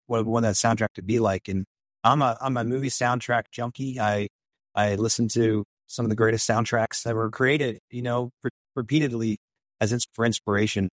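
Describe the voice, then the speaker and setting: A man's voice: medium pitch, fairly even intonation, brisk, dry recording. A man in an interview telling a story with enthusiasm, acting out quotes in a raised voice. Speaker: film director and writer.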